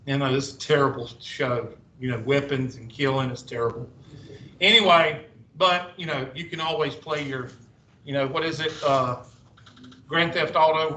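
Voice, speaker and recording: A man's voice: mid-range voice, moderate pace, sharp tone, slight background noise. Sarcastic man teaching a class. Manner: sarcastic, rambling asides. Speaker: math teacher. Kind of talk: classroom lecture. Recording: echoey classroom from far off.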